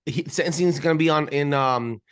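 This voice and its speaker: A man's voice: fairly high pitch, a little fast, smooth. A man hosting a casual podcast chat, listening attentively and cutting in with short comments. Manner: attentive listener, frequent backchannels. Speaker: podcast host.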